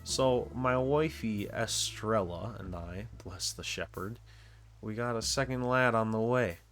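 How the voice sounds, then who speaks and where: Man voicing a cheerful chatty dad figure, rambling jokes, lowish voice, game dialogue. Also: unhurried, a bit bright, soft background music. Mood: jokey. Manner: rambling jokey storytelling.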